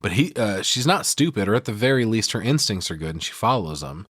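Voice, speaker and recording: A man's voice: lowish voice, very animated, a little fast, a bit bright, no echo, clean studio sound. A man hosting a podcast, casually and profanely breaking down a film scene by scene. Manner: profane, retells scenes with mimicked lines. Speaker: podcast host.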